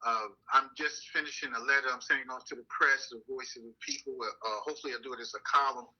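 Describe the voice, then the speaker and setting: An older man, a councilman, speaking in an interview in a measured, deliberate way with frequent "uh" fillers. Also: medium pitch, steady tone, pushed and bright, slightly rough, muffled recording. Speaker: city councilman and NAACP president. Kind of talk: interview conversation.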